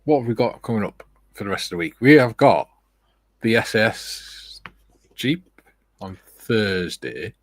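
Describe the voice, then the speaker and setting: Husky man hosting a hobby stream. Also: on the low side, animated, a little slow, long pauses, no echo. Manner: reads out viewer comments, jokey banter. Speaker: livestream host and scale modeller. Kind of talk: casual livestream chat.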